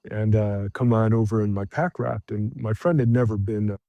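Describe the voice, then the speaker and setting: Man, middle-aged, podcast guest, casual storytelling, dark tone, dry recording. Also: on the low side, moderate pace, gravelly, no echo, dull audio. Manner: animated anecdote teller, acts out shouted quotes.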